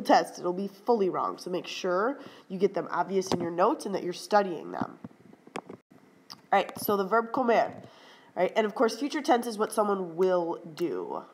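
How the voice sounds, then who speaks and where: A woman teaching Spanish grammar in a brisk, firm lecture, often checking in with "right?" and "okay?". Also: mid-range voice, rough recording. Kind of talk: classroom lecture over slides.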